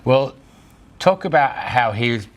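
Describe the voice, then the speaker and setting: A man's voice: medium pitch, expressive, unhurried. A man co-hosting a studio chat show, prompting his guest with questions and short agreements. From Lebanon. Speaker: co-host. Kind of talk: interviewing.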